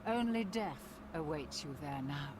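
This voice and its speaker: An actress playing a sinister, seductive female game villain with an English accent, speaking slowly and with menace. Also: sits low, lively intonation, very noisy. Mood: menacing. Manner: slow, menacing, drawn-out delivery.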